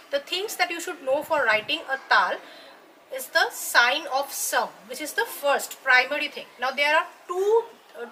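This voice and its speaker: A dance teacher patiently explains a lesson, checking in with her students along the way with "right?" and "okay?". Her high-pitched voice is bright and forceful, with slight background noise.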